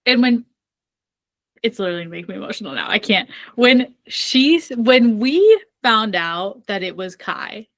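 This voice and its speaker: A woman's voice: medium pitch, expressive, unhurried, fairly bright tone, dry recording. A young woman co-hosting a book podcast, retelling her reactions emphatically in casual chat. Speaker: podcast co-host.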